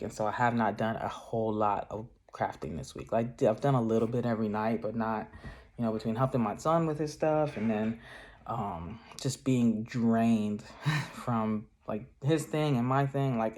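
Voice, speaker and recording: A man's voice: mid-range voice, a little mellow. A man chatting casually in a craft vlog, rambling with many filler words and frequent laughs. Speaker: craft vlogger.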